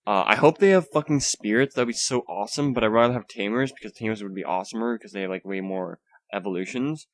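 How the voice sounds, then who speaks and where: A man's voice: lowish voice, fast. A young man hosting a solo podcast from home, rambling casually with lots of swearing, fillers and restarts, keeping his voice down. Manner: holds back his volume. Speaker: podcast host. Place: home room.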